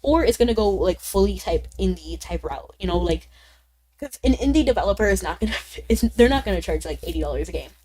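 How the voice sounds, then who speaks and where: A woman's voice: medium pitch, expressive, fairly quick, dark tone, breathy edge. A woman livestreaming and chatting casually with viewers; she is sick and her voice sounds a little off, and she rambles with lots of "like" and small laughs. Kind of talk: casual stream chat reading viewer comments.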